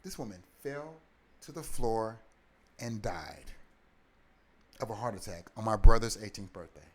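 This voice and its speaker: Guy with a lowish voice telling his life story to an interviewer, acts out everybody, gets loud then quiet fast. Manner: animated, acts out the people in his story with big swings in loudness; talks in quick bursts with many short restarts. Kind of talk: candid storytelling in a sit-down interview.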